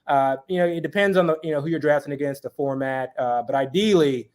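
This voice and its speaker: A man's voice: a little high, fast talker, darkish tone. A man as an interview guest in casual chat, talking in long rambling runs full of fillers.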